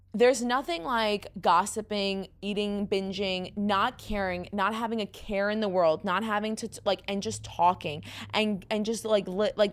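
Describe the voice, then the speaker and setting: A young woman with a New York accent, hosting a casual podcast, tired and rambling, laughing often. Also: medium pitch. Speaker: podcast host. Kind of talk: casual chat.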